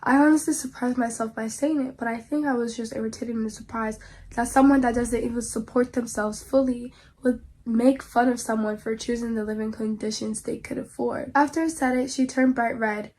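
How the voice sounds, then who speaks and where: Husky-voiced chatty woman reacting online. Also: on the high side, darkish tone. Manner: chatty and slangy, with dramatic pleading to viewers. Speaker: YouTuber reacting to online posts. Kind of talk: casual reaction commentary, reading posts aloud.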